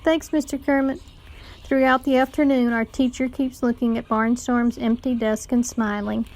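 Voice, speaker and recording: A woman teacher reading a children's novel aloud to a class, with lively storytelling narration. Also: on the high side, moderate pace.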